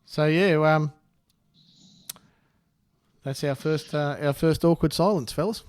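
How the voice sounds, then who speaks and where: A man in casual podcast chat, friendly and quick to laugh. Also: a little high, dry recording. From Australia. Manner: friendly, laughs easily, says mate.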